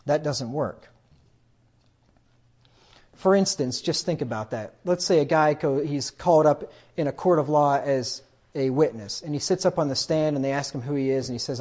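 A man preaching a sermon, who gets emphatic and loud when he quotes scripture. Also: fairly high pitch, moderate pace. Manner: emphatic, rises loudly when quoting scripture. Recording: dull lo-fi recording.

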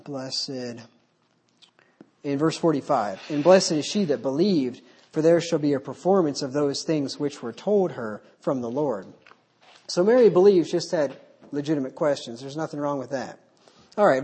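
A male Baptist preacher works through scripture verse by verse without notes. His voice is husky and a little rough at the edges. He reads each passage aloud, then picks it apart, pressing his points with rhetorical questions. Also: a little high, darkish tone. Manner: unscripted, poses rhetorical questions. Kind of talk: verse-by-verse sermon teaching.

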